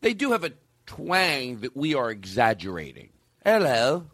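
Playful animated podcast host man. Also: medium pitch, moderate pace, no echo. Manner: playful, laughing, rambling. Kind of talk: casual comedy podcast chat.

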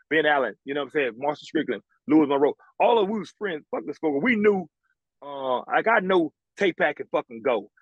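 A man from the American South, once a college basketball player, tells stories bluntly and animatedly in a casual interview, swearing a lot. His voice is fairly high and slightly rough, recorded lo-fi with no echo.

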